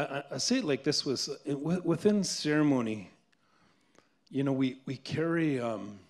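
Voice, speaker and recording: Man, earnest, reflective, mid-pitched voice, repeats words while thinking. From Canada. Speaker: author and guest speaker. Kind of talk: reflective public conversation. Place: stage at a public event.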